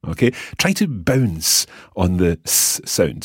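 A man hosting a language lesson, patiently explaining and modelling words slowly for the listener to repeat. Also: low voice, big pitch swings, husky, dry recording, studio quality. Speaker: language teacher and host.

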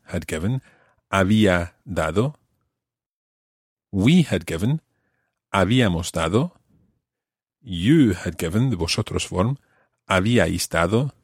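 A Scottish man hosting a language lesson podcast, explaining grammar in a clear, methodical way and repeating examples slowly. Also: low-pitched, no room sound, clean studio sound. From Scotland. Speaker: language teacher host.

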